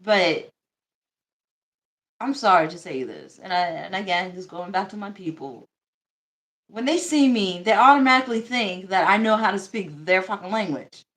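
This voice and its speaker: A woman's voice: medium pitch, moderate pace, fairly bright tone. A young woman from the United States hosting a casual livestream chat, blunt and joking, laughing often and swearing freely. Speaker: livestream host.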